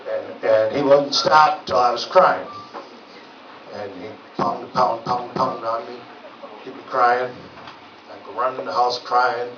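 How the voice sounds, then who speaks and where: A man's voice: mid-range voice, steady tone, a little slow, music in the background. A man doing stand-up, telling rambling folksy stories with lots of filler words in a legion hall. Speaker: stand-up comedian. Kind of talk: stand-up storytelling. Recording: roomy, distant, dull lo-fi with noise.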